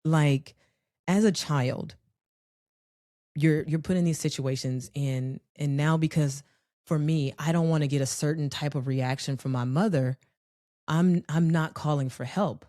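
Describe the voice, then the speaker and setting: A woman telling a personal story in a conversational, animated way, with frequent profanity. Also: low-pitched, measured pace, no echo, clean studio sound.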